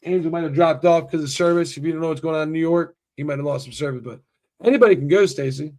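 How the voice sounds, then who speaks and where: A man hosting a livestream in casual chat, talking excitably, swearing a lot and restarting his sentences. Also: fairly high pitch, fast. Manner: profane and excitable, heavy restarts. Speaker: livestream host.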